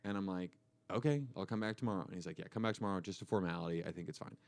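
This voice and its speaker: A young man co-hosting a podcast, telling a story in a deadpan way and acting out the dialogue. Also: deep voice, racing. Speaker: co-host. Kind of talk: casual storytelling chat.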